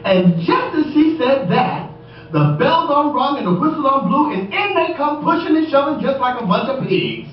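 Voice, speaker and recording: Sassy, lively male storyteller, high voice, heavy echo, filmed from far off. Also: normal speed, slight background noise. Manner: sassy and dramatic, addresses the audience as darling. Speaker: stage performer. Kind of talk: theatrical storytelling monologue. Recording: echoey and muffled from a distant camera.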